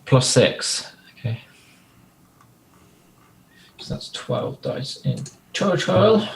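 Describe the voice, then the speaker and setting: A man taking his turn as a player in a tabletop game, measured and thinking aloud. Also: a little high, wildly swooping pitch, creaky, a little hiss or hum, poor audio. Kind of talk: casual game table talk.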